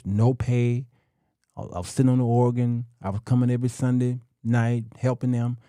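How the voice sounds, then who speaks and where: A middle-aged man hosting a talk show, delivering a slow, emphatic monologue to men with long dramatic pauses. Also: medium pitch, creaky, mellow, no room sound, studio quality.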